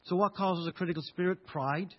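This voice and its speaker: A middle-aged Irish man preaching a sermon with passion, swinging between loud outbursts and hushed moments. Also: sits high, brisk. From Ireland. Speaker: pastor. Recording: dull lo-fi recording.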